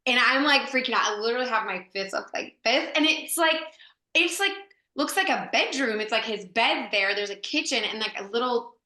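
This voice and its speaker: A woman's voice: fairly high pitch, lively intonation, fairly quick, sharp tone, roomy sound. A woman actress telling a story as a guest, chatty and full of "like" fillers, laughing as she goes. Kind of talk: animated anecdote storytelling.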